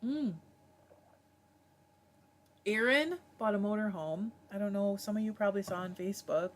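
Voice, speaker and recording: A woman's voice: mid-range voice, moderate pace. Chatty woman host reading comments. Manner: chatty, warm-hearted, laughs often, breaks off mid-word. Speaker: livestream host. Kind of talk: casual chat reading viewer comments aloud.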